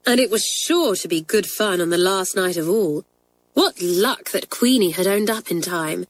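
A woman narrating a children's storybook aloud with an expressive, lively reading. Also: fairly low pitch, normal speed, low-quality recording.

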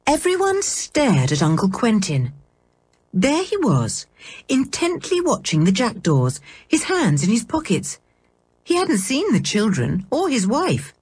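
A woman narrating a children's storybook aloud in an expressive, animated reading style. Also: fairly high pitch, a little slow, breathy edge. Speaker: audiobook narrator.

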